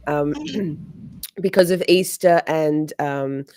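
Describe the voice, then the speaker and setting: Low-voiced Australian woman, just woken. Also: extremely slow, mellow, dry recording. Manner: hesitant, many ums and throat clears. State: morning voice, just woke up. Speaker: guest true-crime streamer. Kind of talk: casual livestream chat.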